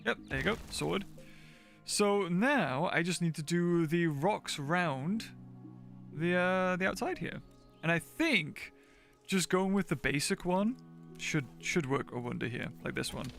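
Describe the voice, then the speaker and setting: Man, high and lively voice, chatty gameplay streamer, laughs a lot, faint music behind. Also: unhurried, vocal fry. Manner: chatty, thinks aloud, laughs often, talks to chat. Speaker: game streamer. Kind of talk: casual livestream gameplay commentary.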